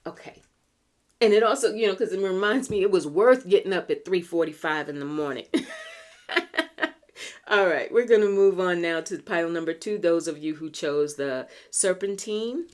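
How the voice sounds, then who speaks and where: An American woman doing a pick-a-card tarot reading, chatty and earnest, slowing down to read the cards aloud and clearing a tickly throat. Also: fairly low pitch. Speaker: tarot reader.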